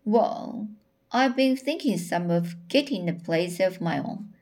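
Blunt young country farmhand, read by a woman, slow and few-worded. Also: lowish voice, expressive, darkish tone. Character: lanky blunt young farmhand suitor, male.

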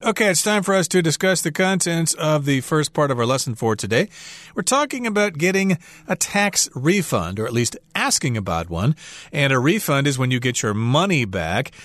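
A man's voice: fairly high pitch, big pitch swings, a bit bright, dry recording. American man teaching English, dry studio. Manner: friendly explanatory, pauses on word stress. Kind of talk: radio English lesson.

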